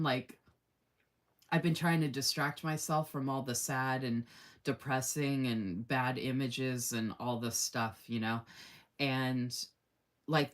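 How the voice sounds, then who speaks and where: A woman hosting a casual live stream, chatty and effusive, laughing often and reading viewer comments aloud. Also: a bass voice. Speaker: live-stream host running a giveaway.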